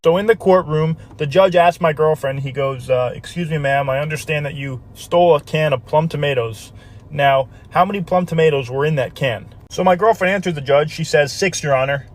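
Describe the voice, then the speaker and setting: Brief: quick, higher-voiced man telling jokes, casual delivery. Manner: casual storytelling with put-on voices. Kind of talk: telling a joke story.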